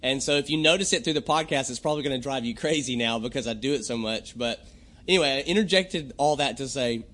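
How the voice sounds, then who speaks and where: A young adult man hosting a podcast, talking in a rambling, jokey monologue and often clearing his throat. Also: mid-range voice, fast, fairly bright tone. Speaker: podcast host. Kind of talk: casual comedic monologue.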